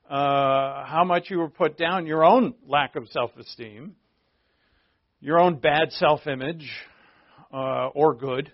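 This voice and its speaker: A man's voice: fairly high pitch, no echo. A man preaching a conversational sermon, explaining a Bible passage with frequent rhetorical asides. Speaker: pastor. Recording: dull lo-fi sound.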